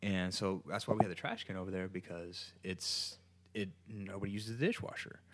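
A man's voice: sits low, steady tone, moderate pace, noisy background. A man casually telling a rambling, profane story in his home kitchen, often restarting his sentences.

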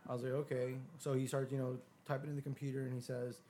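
A man's voice: medium pitch, fast talker, slight background noise. A man casually telling a long story as a podcast guest, swearing often and acting out the other people's lines. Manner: profane, animated retelling with quoted dialogue.

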